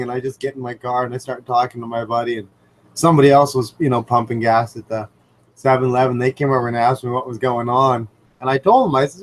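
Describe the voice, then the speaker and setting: A man's voice: mid-range voice, poor audio. Rambling man hosting a home livestream. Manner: animated storyteller, rambling with many fillers. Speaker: livestream host. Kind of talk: casual live chat and anecdote. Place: indoors at home by a fish tank. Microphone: computer microphone.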